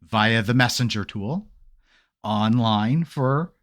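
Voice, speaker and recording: A man hosting a podcast in casual chat, an animated storyteller who acts out quotes. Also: medium pitch, takes it slowly. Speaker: podcast host.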